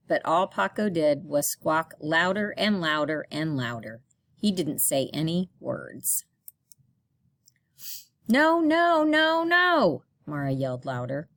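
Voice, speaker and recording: A woman reading a children's picture book aloud in a slow, expressive storytelling manner. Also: sits low, dry recording. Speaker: storybook reader.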